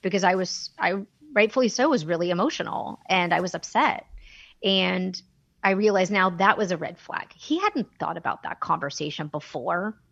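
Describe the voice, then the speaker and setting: Woman, candid storyteller, animated quoted dialogue, dry close sound, slightly muffled. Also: lowish voice, moderate pace, gravelly, slightly rough, no room sound. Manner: candid, emotional. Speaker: guest. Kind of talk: personal storytelling in a podcast conversation.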